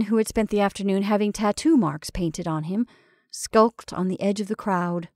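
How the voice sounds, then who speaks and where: A woman narrating a classic short story in a measured, calm way. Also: medium pitch, no echo, clean studio sound. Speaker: story reader.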